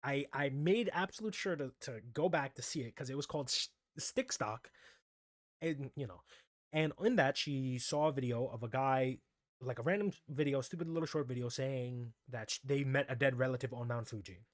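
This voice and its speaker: Male anime-recap vlogger, mid-pitched, loose and rambling delivery, dead-dry close sound. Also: lively intonation, moderate pace, dry recording. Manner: rambling, keeps adding "right?" and restarts. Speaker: anime commentary host.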